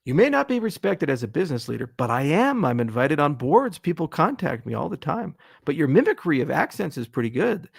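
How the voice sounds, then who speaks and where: Brief: very gravelly man, blunt, ranting, profane Q&A host, dry close sound. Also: on the high side, sing-song, fairly quick, few pauses, no echo. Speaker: AMA host, venture capitalist. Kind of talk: livestream Q&A, unscripted.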